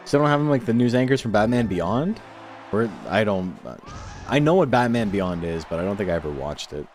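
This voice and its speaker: A man with a low voice chats loosely while hosting a game tournament stream, drifting between stories, swearing and laughing. Faint music plays quietly behind him. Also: animated, fairly quick. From Toronto, Canada. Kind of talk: casual chat between matches.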